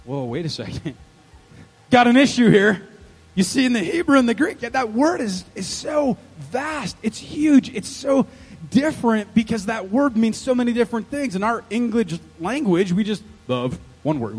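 A male pastor preaching a sermon in an animated, joking way, quizzing the congregation with questions. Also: high-pitched, breathy edge, long reverb tail. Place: church sanctuary.

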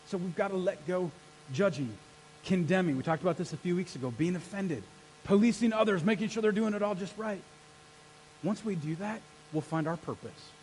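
High-voiced energetic male pastor. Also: a little fast, a little hiss or hum, low-quality recording. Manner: energetic, rallies the congregation with call-and-response. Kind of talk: sermon. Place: church sanctuary.

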